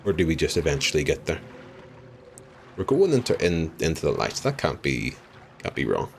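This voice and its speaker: A young Irish man with a deep, low-pitched voice streams a game live and chats easily with his viewers. He talks loosely, laughs a lot and apologizes often. A faint hum of noise sits under his voice. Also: wildly swooping pitch, normal speed, creaky. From Ireland. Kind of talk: live gameplay commentary chatting with viewers.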